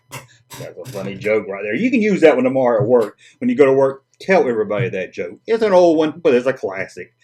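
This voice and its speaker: Southern US man, toy review host, husky voice, lively pitch, cracks corny jokes. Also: a little fast. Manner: jokey, corny puns, chatty. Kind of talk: casual vintage toy review.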